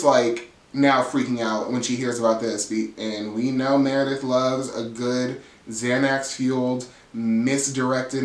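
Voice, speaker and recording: Male recap host, mid-pitched, animated gossip storyteller who swears and mimics the cast; roomy echo on the track. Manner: animated storytelling, jumps into high voices quoting the cast, laughs often; swears freely.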